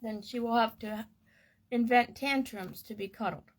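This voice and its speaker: A woman reading a parenting course book aloud in a gentle, measured and soothing way. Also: on the high side. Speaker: reader of a parenting course text.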